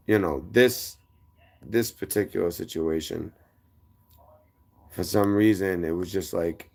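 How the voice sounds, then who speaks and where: A man with a very low, deep voice gives a personal testimony about his own past. He talks in a halting, earnest way, full of restarts and fillers like "you know" and "um." He speaks as a veteran looking back. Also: darkish tone. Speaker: military veteran giving a testimony.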